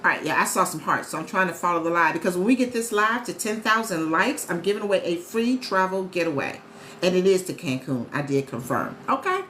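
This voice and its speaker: A woman chatting casually to viewers on a live stream as a travel agent host, animated and talkative. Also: on the low side, a little fast. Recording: echoey room with faint ambient noise.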